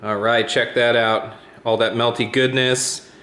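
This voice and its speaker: A man's voice: medium pitch, level tone, measured pace, sharp tone. A tired man in a house, chatting casually and rambling to the camera as he goes about his day. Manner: rambling, easygoing, talks to his cat. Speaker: vlogger. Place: cold, drafty house at home. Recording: echoey room with faint noise.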